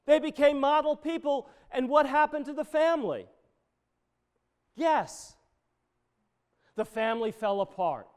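A man's voice: very high-pitched, lively intonation, a little slow, pauses often. A middle-aged man, a pastor, preaching a conversational sermon full of personal stories.

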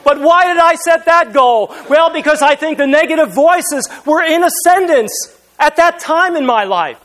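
High-voiced man telling funny sermon stories. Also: normal speed, fairly bright tone. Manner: humorous self-deprecating storytelling. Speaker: pastor.

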